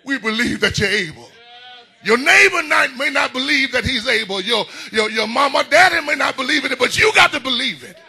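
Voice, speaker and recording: A man preaching a sermon in a church, building into whooping shouts. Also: very high voice, expressive, fairly quick, hardly any pauses, slightly rough. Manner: whooping call-and-response preaching, rising into shouts.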